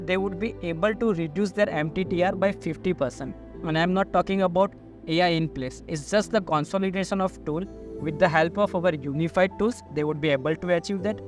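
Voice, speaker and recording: Higher-voiced man explaining at length. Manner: explanatory, long listing sentences strung with "so". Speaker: territory sales manager, interview guest. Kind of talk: business interview answers.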